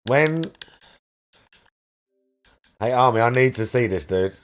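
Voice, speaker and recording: A man's voice: medium pitch, expressive, slow. A man streaming a game live, chatting casually and rambling as he searches aloud for the right words. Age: adult parent.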